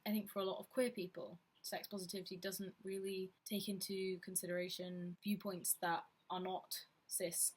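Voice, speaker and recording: A woman's voice: on the low side, slightly rough. A woman talking frankly and reflectively to camera in a personal vlog. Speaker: vlogger. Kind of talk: candid personal vlog talk.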